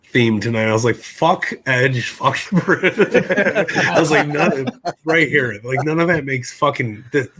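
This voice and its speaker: A man co-hosting a casual wrestling podcast, excitable and profane, acting out what people said. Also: medium pitch, normal speed. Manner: excitable, profane, acts out quotes. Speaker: podcast co-host.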